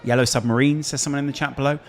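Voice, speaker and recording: A man with a Scouse accent hosts a live stream in a loose, chatty way, reading viewers' questions and answering them off the cuff. His voice sits at an ordinary middle pitch. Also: steady tone, rapid-fire, a little hiss or hum. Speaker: streamer host. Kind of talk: casual live-stream chat.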